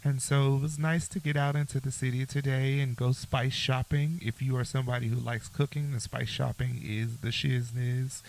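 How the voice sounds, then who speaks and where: A man co-hosts a podcast in an easygoing chat. His voice is mellow and warm at a middle pitch, and he sounds upbeat and animated and laughs easily. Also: normal speed, gravelly, hardly any pauses, a little hiss or hum. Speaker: podcast co-host. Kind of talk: casual chat.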